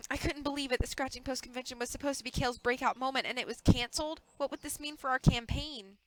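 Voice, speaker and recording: A woman streamer reading a visual novel aloud in an expressive, playful way. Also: sits high, quick pace.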